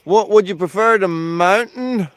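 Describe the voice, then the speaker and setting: A man's voice: a little slow, smooth, no room sound. A man hosting a casual live stream outdoors by a campfire, rambling to viewers and talking to his dog. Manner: rambling, talks to his dog in a high excited voice. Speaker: channel host.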